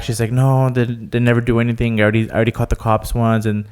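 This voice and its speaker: Male podcast co-host, smooth clear voice, hesitant filler-heavy chat. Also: mid-range voice, flat delivery, fast, darkish tone. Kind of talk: casual chat.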